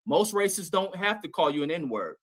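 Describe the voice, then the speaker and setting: A man's voice: sits high, very animated, normal speed, fairly bright tone, no room sound. A man hosting his live stream, arguing heatedly and taunting the other man as he talks over him. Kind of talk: heated online argument.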